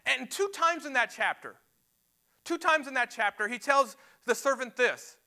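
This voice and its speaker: A man's voice: very high-pitched, normal speed, bright, forceful tone. A man preaching a sermon to a church, emphatic and repeating words as he builds his points. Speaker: pastor. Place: church sanctuary.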